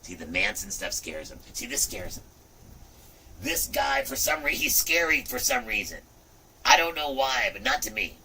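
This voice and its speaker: A man in his fifties hosting a livestream, chatting casually in an animated, rambling way, often saying "look" and "you know". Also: medium pitch, normal speed, distant mic, a little hiss or hum, rough recording. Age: 50s. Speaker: livestream host.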